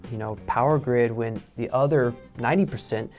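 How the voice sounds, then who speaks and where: A man in a relaxed English lesson, explaining with casual fillers. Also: medium pitch, moderate pace, faint music behind. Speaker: English teacher. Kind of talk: casual teaching chat.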